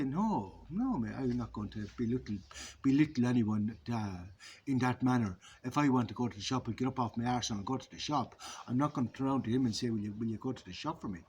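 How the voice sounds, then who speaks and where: Middle aged guy rambling on, swears a lot, sure of himself, bit of faint background hum. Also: a little high. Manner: swearing, philosophizing, self-assured. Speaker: vlogger. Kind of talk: rambling monologue.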